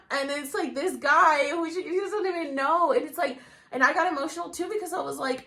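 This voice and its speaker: A woman's voice: a little high, pushed and bright. An enthusiastic woman hosts a casual podcast chat. She talks eagerly, restarts her sentences often, and jumps in over her guest. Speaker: podcast host.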